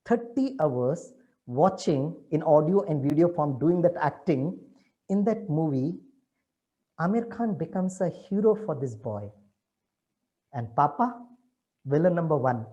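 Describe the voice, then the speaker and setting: A middle-aged man with an Indian accent giving a motivational talk, telling stories dramatically and swinging between loud and soft. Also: on the high side, lively intonation, unhurried, pauses often, lo-fi sound. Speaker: motivational speaker.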